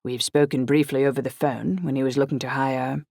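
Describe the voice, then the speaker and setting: A woman voicing a formal, precise older man who speaks in clipped, measured sentences. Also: a bass voice, flat delivery, vocal fry, warm tone, no room sound, full character voice. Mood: stern. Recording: dry close audiobook recording.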